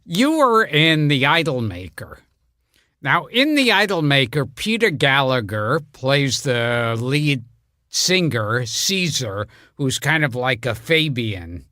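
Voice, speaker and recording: A man's voice: medium pitch, big pitch swings, slow pace, pushed and bright, no room sound, clean studio sound. A man co-hosting a podcast who eagerly brings up a new topic. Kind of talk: casual chat.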